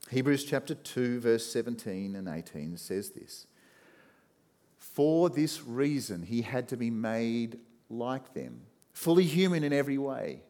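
Man preaching with dramatic swings in volume. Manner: dynamic, swinging from loud emphatic rises to hushed low passages. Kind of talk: sermon.

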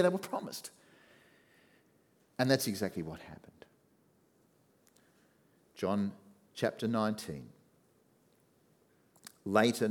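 A man preaching a sermon, swinging from loud emphatic rises to hushed, low passages as he reads scripture.

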